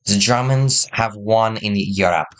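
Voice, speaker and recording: A man's voice: on the low side, unhurried. A man giving casual, rambling commentary over his war strategy gameplay, often restarting his sentences. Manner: rambling, self-correcting, upbeat. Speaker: gaming video host. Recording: loud game music and explosions behind.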